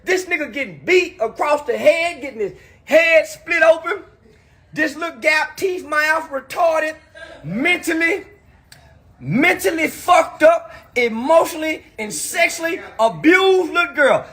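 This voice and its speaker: High-pitched man ranting loudly. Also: measured pace, reverberant. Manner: animated, profane storytelling with loud outbursts. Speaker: commentator. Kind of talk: ranting monologue.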